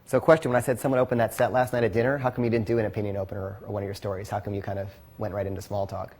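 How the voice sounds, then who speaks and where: Fast-talking blunt male coach. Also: lowish voice, level tone, a little mellow, slightly rough. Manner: blunt, swears, quick and direct. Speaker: pickup coach. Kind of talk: coaching feedback to a class.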